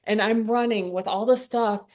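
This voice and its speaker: A woman photographer from southern Indiana, a guest telling stories about her shoots in a casual interview and acting out her own quotes in a higher voice. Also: steady tone, normal speed, darkish tone. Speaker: senior portrait photographer, guest.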